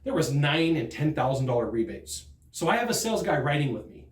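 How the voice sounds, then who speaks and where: A man giving a sales training talk, telling stories from the field in an animated, emphatic way. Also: fairly high pitch, fairly quick, roomy sound.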